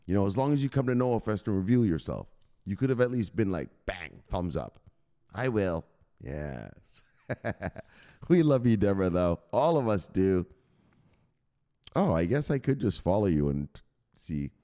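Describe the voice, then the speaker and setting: A man's voice: deep voice, sing-song, moderate pace, pauses often, dark tone. A male crypto show host in casual, joking chat who swears freely and laughs a lot. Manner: joking, profane, laughs often.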